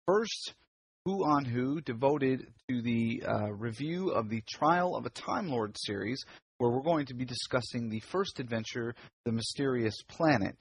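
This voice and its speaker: A man's voice: medium pitch, lively intonation, unhurried, breathy edge, dry recording. A man hosting a fan podcast, talking in a chatty, casual way with lots of fillers and restarts. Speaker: podcast host. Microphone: computer mic on a video call.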